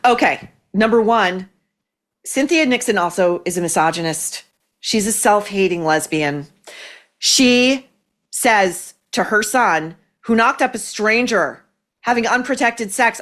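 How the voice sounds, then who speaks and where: A woman hosting an opinionated commentary show, talking in a scathing, fast-flowing way with frequent restarts. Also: medium pitch, expressive, a bit bright. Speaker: host.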